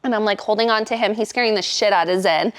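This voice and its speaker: A woman's voice: medium pitch, fast talker, noisy background. A young woman telling a wild story in casual, profane chat, full of "like" and vivid quoted lines. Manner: animated, profane, heavy use of "like".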